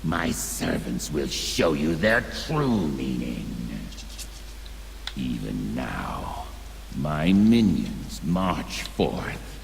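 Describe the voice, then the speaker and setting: A sinister god of the underworld who speaks in a deep, gravelly growl. His threats are slow and theatrical, rising and falling dramatically. A long reverb hangs behind him, like a game voice line. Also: big pitch swings, a little hiss or hum, exaggerated voice. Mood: menacing. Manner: theatrical, gloating, drawn-out threats.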